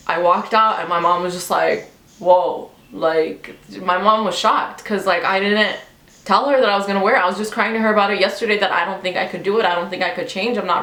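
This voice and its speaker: A woman's voice: medium pitch, fairly bright tone, echoey room. A young woman tells a personal story to her viewers in a casual, chatty way, filling her speech with "like" and "you know.". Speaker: vlogger. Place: bedroom at home.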